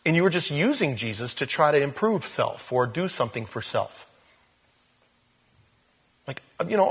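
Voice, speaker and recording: A man with a husky, slightly breathy voice preaches a sermon. He is animated and talks straight to his congregation, often doubling back on his words as he presses a point. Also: a little high, moderate pace, pauses often. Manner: animated, repeats words, speaks to the crowd directly. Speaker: pastor.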